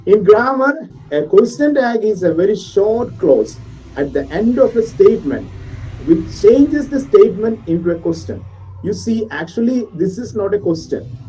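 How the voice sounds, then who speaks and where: A man's voice: high-pitched, animated, normal speed, warm tone, recorded from a distance, faint music behind, low-quality recording. A male college English teacher with a Malayali English accent, patiently explaining grammar to a class and checking that students follow.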